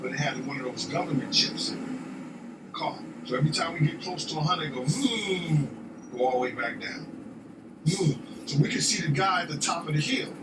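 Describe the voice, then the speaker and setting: Man telling a story from far off. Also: on the high side. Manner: profane, repeats "you know what I'm saying". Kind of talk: casual storytelling. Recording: echoey, distant, noisy.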